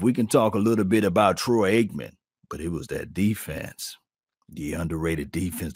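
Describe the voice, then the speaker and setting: A man hosting a casual sports talk stream, animated and preachy, calling out to viewers as he riffs. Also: fairly low pitch, dry recording, studio quality. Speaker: podcast host.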